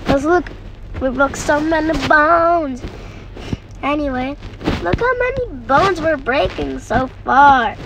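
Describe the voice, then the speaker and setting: Woman gamer, sick, high voice, unhurried rambling let's-play chatter. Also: vocal fry, background noise. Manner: rambling, excitable, repeats phrases.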